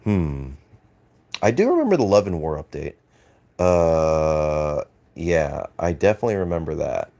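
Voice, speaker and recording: Low-voiced Australian man rambling on stream. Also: sing-song, normal speed, gravelly, dark tone. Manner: rambling, hesitant, many fillers and restarts; laughs easily, swears casually. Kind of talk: casual live-stream chat, reading and answering chat.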